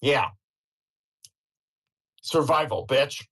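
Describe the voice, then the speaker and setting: A man hosting a casual online chat, ranting and swearing with bursts of laughter, in a husky voice. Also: medium pitch, extremely slow. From Europe. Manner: profane, animated ranting with laughter. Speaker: host.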